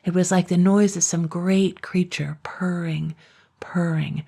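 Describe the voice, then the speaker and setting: A woman calmly narrating a children's fairy tale at an unhurried pace. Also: lowish voice, creaky, husky. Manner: calm, unhurried. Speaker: storyteller. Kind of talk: calm storybook narration.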